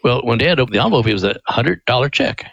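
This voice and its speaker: A man's voice: medium pitch, fast, creaky, slightly rough, dry recording, dull audio. Older male guest, earnest storyteller, dry close mic. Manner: earnest, animated when acting out quotes. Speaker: ministry president, guest. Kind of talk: interview storytelling.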